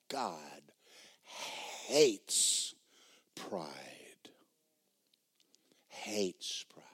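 A man preaching a sermon in church, jumping between loud, high shouts and low muttered asides, mimicking skeptics as he tells stories. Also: no room sound, studio quality. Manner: storytelling, mimics skeptics mockingly. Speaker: pastor.

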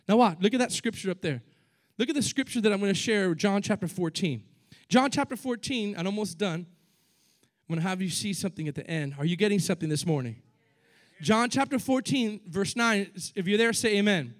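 A middle-aged man preaching a sermon, animated, acting out scripture scenes in casual slang. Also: high voice, a little fast. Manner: animated, acts out biblical dialogue in casual slang.

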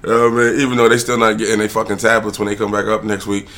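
A man's voice: on the low side, completely flat delivery, rapid-fire. A man telling a rambling, profane story straight to the camera, drifting into a heated rant. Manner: swears freely, digresses, rants loudly at times. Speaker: father talking to camera.

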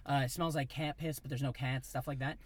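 A man in his thirties from Iowa, telling a rambling, animated story in a casual chat. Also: mid-range voice, fairly quick, husky, dry recording. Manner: animated, rambling, acts out voices in quotes.

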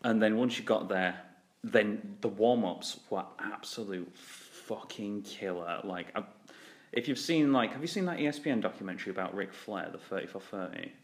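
A man's voice: on the low side, normal speed. A man hosting a podcast, chatting in a rambling way, swearing a lot and laughing often. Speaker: podcast host. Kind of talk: casual chat.

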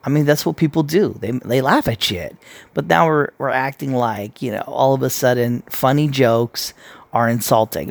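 A man's voice: medium pitch, normal speed, vocal fry. Blunt, profane man ranting casually. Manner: blunt and profane, rambling with repeated restarts. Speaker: commentator. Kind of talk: casual opinion rant.

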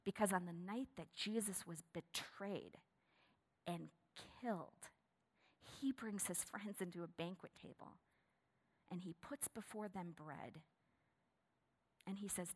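A woman pastor delivering a sermon at a middle pitch, her voice ringing through a long reverberant church hall. She tells stories with lively emphasis and prays in a soft, hushed tone. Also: unhurried, pauses often. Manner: animated storytelling, then hushed and prayerful. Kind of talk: sermon storytelling. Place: church sanctuary.

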